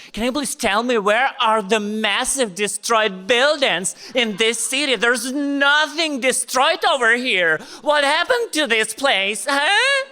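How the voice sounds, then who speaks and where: A woman's voice: mid-range voice, sharp tone, pitched above the performer's own voice. A man voicing a pushy female American journalist who fires off incredulous, demanding questions.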